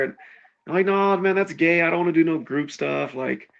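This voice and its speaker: Animated swearing man telling a story. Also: fairly high pitch, fairly quick, gravelly, muffled recording. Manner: animated, swears a lot, acts out quotes. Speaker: co-host telling a party story. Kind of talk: casual storytelling chat.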